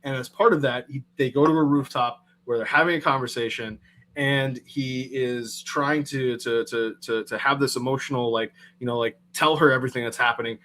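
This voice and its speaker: A man on a casual movie review podcast, talking at a middle pitch. He rambles through a plot recap and keeps restarting his sentences. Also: steady tone, a little fast, fairly bright tone. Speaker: podcast co-host.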